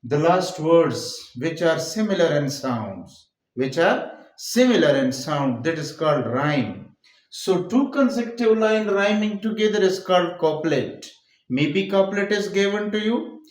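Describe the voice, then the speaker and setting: Lively, echoey-voiced man teaching poetry. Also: sits high, unhurried. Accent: Pakistani English. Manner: repeats key phrases, explains step by step. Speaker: English teacher. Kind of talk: classroom lecture on poetry. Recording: echoey room.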